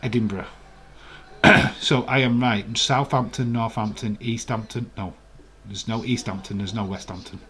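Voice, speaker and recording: A man's voice: lowish voice, fairly even intonation, moderate pace, sharp tone. A man from West Yorkshire with a Yorkshire accent, hosting a casual live watch-along and chatting playfully and argumentatively with his viewers. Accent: Yorkshire English. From West Yorkshire, England. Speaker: live stream host.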